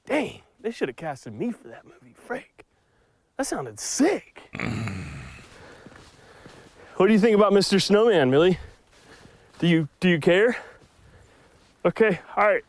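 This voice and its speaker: A man's voice: high-pitched, no echo. A man chatting casually in a home vlog, playful and jokey, cooing at his dog. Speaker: vlogger.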